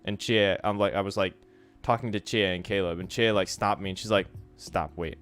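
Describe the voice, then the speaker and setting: A man streaming a casual Japanese study session, talking in a relaxed, chatty way and sounding out pronunciation examples aloud. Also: lowish voice, brisk, clean tone, faint music behind. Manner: frequent fillers like "like" and "so". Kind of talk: casual instructional livestream.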